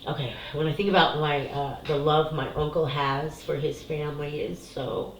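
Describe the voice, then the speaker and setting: This psychic, a middle-aged woman, talks to camera in a low voice with fairly even intonation at a moderate pace. Between card readings she speaks candidly and emotionally to viewers about family and spiritual cards, sometimes tearful and swearing freely. The low-quality recording sounds roomy, with a little hiss or hum.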